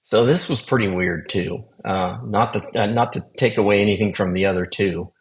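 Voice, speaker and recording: Man, low gravelly voice, earnest storytelling testimony, casual interview. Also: moderate pace, low-quality recording. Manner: earnest, conversational, acts out quoted dialogue. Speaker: guest sharing testimony.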